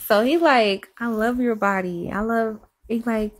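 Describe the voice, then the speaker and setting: A woman chatting casually and confessionally, rambling and repeating herself, sometimes dropping to a hush. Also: fairly high pitch, slow, pauses often. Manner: rambling, repeats herself, soft and hushed at times. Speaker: live-stream chatter.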